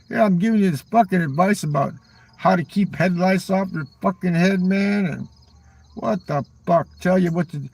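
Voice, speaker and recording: A man's voice: on the high side, gravelly. An older man rambling on a live stream, swearing constantly, ending his lines with "man" and talking back to chat viewers. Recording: voice a little far from the mic.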